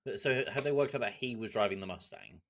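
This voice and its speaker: A man's voice: lowish voice, expressive, fast talker, creaky, a bit bright. A man co-hosting a podcast, answering in short, dry, wry replies. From Britain. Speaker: podcast co-host. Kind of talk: casual chat.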